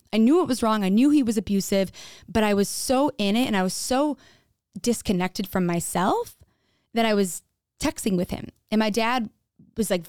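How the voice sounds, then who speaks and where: Recounting her own experiences with candor, this young woman keeps it casual, drops frequent "like"s, and performs other people's quoted lines. Her mid-range voice is smooth and darkish, recorded dry at studio quality.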